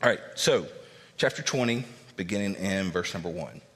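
Low-voiced man preaching in a reverberant hall. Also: normal speed. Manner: animated, acts out quoted speakers with raised pitch; conversational, frequent fillers and tag questions. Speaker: pastor. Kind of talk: sermon with Bible teaching. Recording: long reverb of a church hall.

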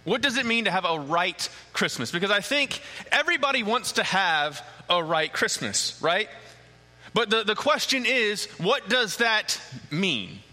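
A man preaches in a high, very lively voice with a sharp, bright edge. He works through repeated rhetorical questions, stumbling over restarts as he presses a point. The sound carries the long reverb of a big hall. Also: measured pace. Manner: stammering restarts, animated emphasis. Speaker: pastor. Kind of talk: sermon.

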